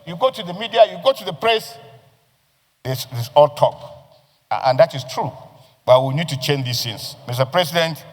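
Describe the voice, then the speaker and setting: Nigerian male senator, high voice, repetitive oratory, reverberant chamber recording. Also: animated, moderate pace, long pauses. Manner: forceful, declamatory oratory with repeated phrases. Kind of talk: parliamentary floor speech. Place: legislative chamber.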